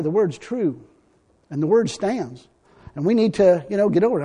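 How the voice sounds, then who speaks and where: Male preacher, high-pitched, fiery and plainspoken delivery. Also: brisk, breathy edge. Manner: folksy, blunt, excitable with bursts of shouting. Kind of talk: fiery sermon.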